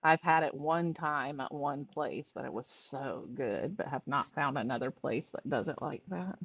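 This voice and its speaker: A woman's voice: sits low, normal speed, breathy edge, no room sound, muffled recording. A woman co-hosting a podcast in casual chat, laughing often as she tells stories. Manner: laughs often, animated storytelling. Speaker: podcast co-host.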